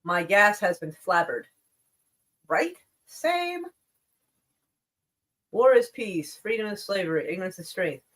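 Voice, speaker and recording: A woman's voice: on the low side, fairly bright tone. A woman doing casual live-stream news commentary, reading articles aloud and reacting with profane sarcasm and frequent laughs while rolling cigarettes. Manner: rolls and smokes cigarettes while talking.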